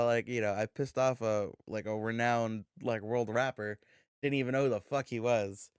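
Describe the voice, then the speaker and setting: Animated man telling a story, swearing. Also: mid-range voice, normal speed, clear, resonant tone, dry recording, studio quality. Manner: animated, swears freely, acts out dialogue. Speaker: podcast co-host. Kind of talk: casual storytelling chat.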